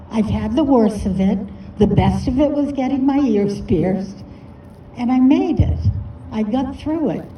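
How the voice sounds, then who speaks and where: A woman's voice: on the high side, warm tone. An older woman telling a personal story at a storytelling festival, earnest and encouraging. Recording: distant, echoey, dull with faint noise.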